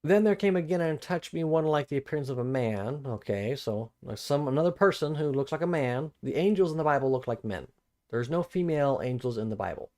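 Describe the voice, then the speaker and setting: A man's voice: on the high side, expressive, a little fast, a little mellow. A man hosting a live-streamed Bible study, reading verses aloud and then commenting on them casually, rereading and repeating phrases as he thinks them through. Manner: casual, plain-spoken asides between formal scripture reading.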